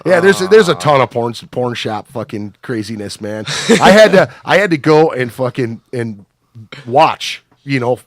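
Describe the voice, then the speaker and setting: A man's voice: medium pitch, expressive, moderate pace, no echo, studio quality. A man with an Upper Midwest American accent telling crude stories on a podcast in a rambling, profane way, with plenty of fillers. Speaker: podcast guest. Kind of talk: casual storytelling.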